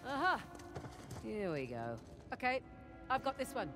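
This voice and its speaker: Chloe, a wry treasure hunter. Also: female voice, fairly high pitch, sing-song, over music. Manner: wry, brisk, muttering to herself. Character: quick-witted female treasure hunter. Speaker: video game character. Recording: game audio under loud game noise.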